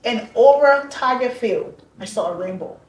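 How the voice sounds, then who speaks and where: A woman telling a personal story as an interview guest, animated and acting out the voices she quotes. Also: on the high side, normal speed. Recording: echoey room, far from mic.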